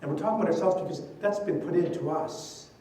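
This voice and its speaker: A man's voice: on the high side, fast talker, warm tone, slight background noise. An older man, a priest, giving a conversational talk full of stories and "you know" asides. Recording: distant mic in an echoey hall.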